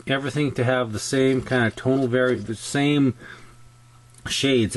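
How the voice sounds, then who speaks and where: Rambling Canadian man, hobby tutorial. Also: mid-range voice. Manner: rambling, chatty, frequent restarts and ums. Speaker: scale model builder.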